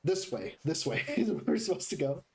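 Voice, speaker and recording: Man, game streamer, casual commentary, husky, animated pitch. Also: fairly quick. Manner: chatty, talks to chat while building.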